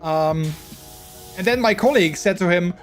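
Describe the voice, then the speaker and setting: Man, live streamer, slightly high voice, rambling chatty talk, hiccups, faint music behind. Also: moderate pace. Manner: rambling, chatty storytelling with many restarts. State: has the hiccups. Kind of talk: casual live-stream chat.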